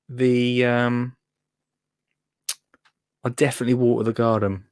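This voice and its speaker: A man's voice: mid-range voice, normal speed, pauses often, a bit bright, dry recording, studio quality. A young man with an Essex accent hosting a gardening phone-in live stream, chatty and self-deprecating, rambling with lots of fillers. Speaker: gardening livestream host. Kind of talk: casual live-stream chat. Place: home in Essex, reading comments live.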